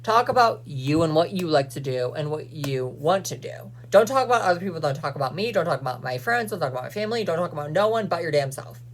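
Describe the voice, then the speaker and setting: Fast-talking young man venting. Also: on the high side, animated, slight background noise. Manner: fast, blunt, profane venting. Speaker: vlogger. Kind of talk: venting to camera.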